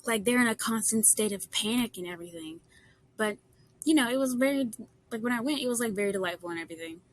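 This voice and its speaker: A woman's voice: fairly high pitch, quick pace. A young woman casually telling a rambling story, full of fillers and quoted dialogue.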